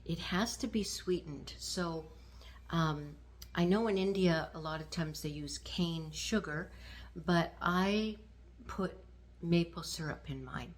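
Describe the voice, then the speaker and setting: A woman in her sixties from Canada, hosting her own vlog and talking to the camera in a gentle, unhurried way with fillers. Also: on the low side. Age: 60s. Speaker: vlog host. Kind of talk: casual talk to camera.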